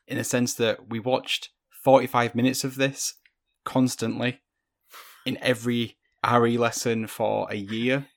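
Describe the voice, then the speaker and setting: A man's voice: medium pitch, flat delivery, a little slow. A British man co-hosting a casual podcast, making dry, wry remarks. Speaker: podcast co-host.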